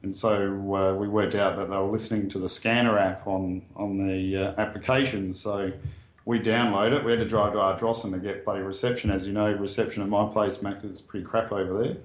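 A man's voice: fairly low pitch, fairly even intonation, brisk. An Australian man recounting events in casual, plain-spoken talk, earnest, with many ums and restarts. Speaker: guest sharing a bushfire story. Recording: roomy echo.

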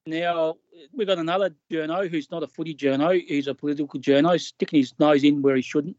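A man's voice: fairly high pitch, fairly quick, a little mellow, no echo. Ranting Australian man on a dull mic. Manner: mocking, ranting. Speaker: podcast co-host. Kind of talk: casual sports chat.

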